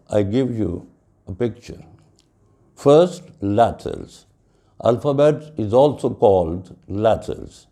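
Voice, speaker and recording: A man's voice: on the low side, dark tone. A man giving an English lecture on syllables, spelling words out letter by letter and slipping into Hindi at times. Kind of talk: classroom lecture.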